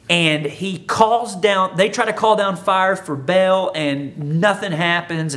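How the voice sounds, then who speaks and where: A man delivering a sermon in a loose, talkative manner, joking his way through an old story before turning it toward everyday life. His voice sits a little higher than most men's. He sounds like he is chatting with the congregation rather than lecturing them. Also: a bit bright. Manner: conversational, humorous storytelling. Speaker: pastor.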